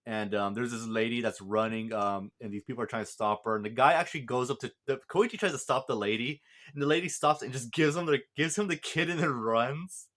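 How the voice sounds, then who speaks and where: Speaking briskly in a mid-range, fairly bright voice, a man reviews a movie casually by walking through its plot. He rambles, restarts, uses plenty of fillers, and chuckles now and then.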